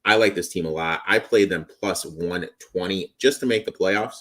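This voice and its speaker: A man's voice: low voice, normal speed, fairly bright tone. A man co-hosting a sports betting show, confidently breaking down football teams and wagers in casual chat. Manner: confident, rattles off player names.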